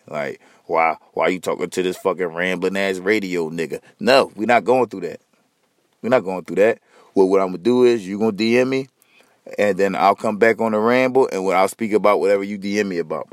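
A man's voice: on the low side, no room sound, clean studio sound. Sleepy, profane, rambling male podcaster. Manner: profane, loose, tired and rambling. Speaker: podcast host. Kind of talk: casual solo rambling monologue.

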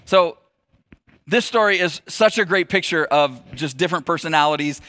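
A man's voice: a little high, normal speed, pushed and bright, dry recording, studio quality. A middle-aged man giving a sermon in a conversational, joking way and putting questions to the audience. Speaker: pastor.

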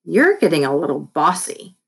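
A woman's voice: sits low, very animated, moderate pace, creaky, slightly rough, heavily acted. A woman voicing a clever young boy who turns whiny and indignant, in a raised voice.

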